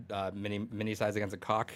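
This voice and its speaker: A man's voice: on the low side, little pitch movement, moderate pace. A young man co-hosting a podcast in casual chat, rambling with many fillers, restarts and swearing. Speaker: podcast co-host.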